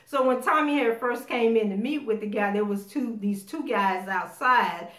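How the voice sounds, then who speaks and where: A woman giving a casual spoken recap of a TV episode, animated as she acts out the characters' lines. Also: fairly high pitch, normal speed. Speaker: TV show recapper. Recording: roomy echo.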